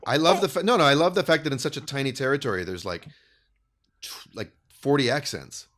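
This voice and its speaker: A man's voice: mid-range voice, brisk, a bit bright. A man co-hosting a political podcast with a mid-range voice. He talks thoughtfully in long, winding sentences, often restarting as he goes. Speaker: co-host. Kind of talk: casual political chat.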